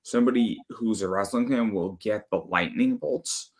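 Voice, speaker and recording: A man hosting a podcast in casual chat, talking bluntly with swearing and animated storytelling. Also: on the low side, moderate pace. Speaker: podcast host.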